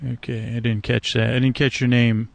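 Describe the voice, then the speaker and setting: A man with a gravelly, mid-pitched voice muses aloud to the creatures around a night swamp, stumbling through fillers and half-finished thoughts. His talk meanders without hurry, and the sound is close and dry. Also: level tone, moderate pace, dry recording. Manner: meandering, hesitant, full of restarts and fillers, talks to frogs. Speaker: sleep podcast host. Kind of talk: rambling improvised monologue to nature.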